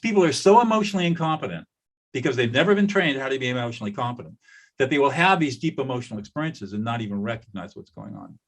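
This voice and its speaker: An older man, a conflict mediator, talking in a podcast interview and telling stories with lively acted-out quotes. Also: mid-range voice, quick pace. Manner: animated storyteller, acts out quoted voices.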